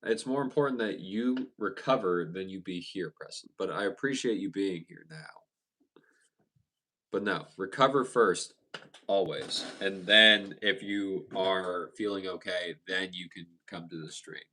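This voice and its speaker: A young man hosting a livestream, casually chatting with viewers and answering their comments in a relaxed way, often stumbling and restarting his sentences. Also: low-pitched, a little slow. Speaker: livestream host. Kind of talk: casual live chat reading viewer comments.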